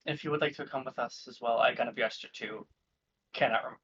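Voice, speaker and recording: Calm mid-pitched man gamer. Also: brisk, dull audio, slight background noise. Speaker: tabletop game player. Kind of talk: casual in-character chat.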